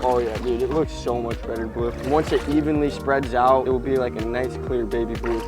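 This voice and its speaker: A young man filming a casual vlog in his backyard, excitable and slangy, talking straight to his viewers. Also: mid-range voice, fairly quick, over music. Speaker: vlogger. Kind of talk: casual outdoor vlog narration. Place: backyard outdoors.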